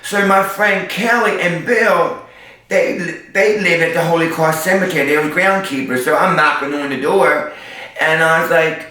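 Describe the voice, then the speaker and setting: A man's voice: a little high, normal speed, pushed and bright. A man who works as a street performer, telling stories in an interview in a sassy way and using sound effects. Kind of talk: storytelling interview. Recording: echoey, mic far off.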